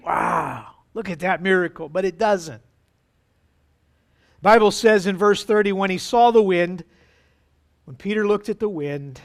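A pastor preaching a sermon to his congregation, with dramatic pauses and acted-out quotes. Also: high voice.

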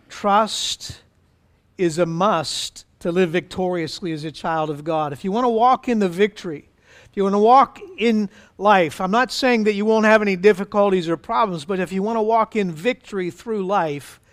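A man's voice: high voice, moderate pace. A man pastor leading prayer and preaching a sermon in an emphatic, fervent way.

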